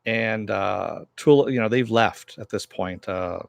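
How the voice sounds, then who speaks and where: Guy rambling thru a tv episode recap, lowish voice, dry close sound. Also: measured pace, creaky, no echo. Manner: rambling, filler-heavy storytelling. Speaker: TV recap reviewer.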